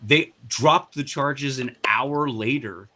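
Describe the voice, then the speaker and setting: A man telling stories in a loose podcast chat, swearing freely and turning sarcastic. His voice is bright and forceful, at a middle pitch for a man. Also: takes it slowly, slight background noise. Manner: profane, animated, sarcastic. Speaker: party board member and guest. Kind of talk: casual podcast storytelling.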